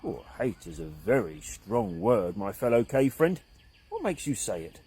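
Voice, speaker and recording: A man playing a gentle old caveman elder. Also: wildly swooping pitch, creaky, slightly rough, full character voice. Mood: calm. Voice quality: deep and gentle. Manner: soft and unhurried. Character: calm oldest caveman, wise elder.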